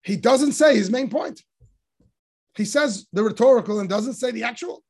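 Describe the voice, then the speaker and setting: A man's voice: very high-pitched, moderate pace, a little mellow. A man teaching a text study class on religious commentary, explaining with emphatic rhetorical questions and rising voice on quotations. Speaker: Torah teacher.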